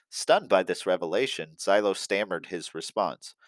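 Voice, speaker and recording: A man reading his own storybook aloud as narrator, friendly and clear on a close mic. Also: sits low, expressive, normal speed, few pauses, no echo. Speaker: author narrating his book. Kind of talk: audiobook narration.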